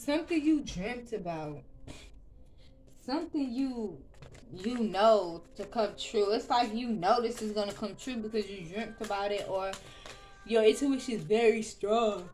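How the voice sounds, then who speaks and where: A woman reads tarot cards in a relaxed, chatty way, thinking aloud and circling back on her words. Her voice sits at an ordinary middle pitch for a woman. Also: a little slow. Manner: chatty, loose, with frequent ums and restarts; soft murmured prayer. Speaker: tarot reader. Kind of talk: casual tarot reading.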